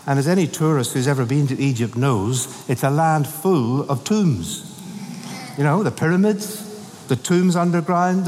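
A man delivering an expository sermon, working through the verses and driving points home with repetition. His voice sits a little high for a man. A long reverb trails behind him. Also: a little mellow. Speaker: preacher.

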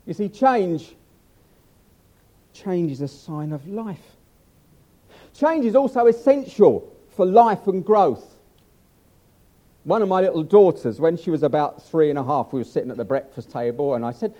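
A man's voice: on the high side, animated, a little slow, long pauses, warm tone, dull audio. An older man preaching a humorous sermon, chatty and self-mocking as he tells stories.

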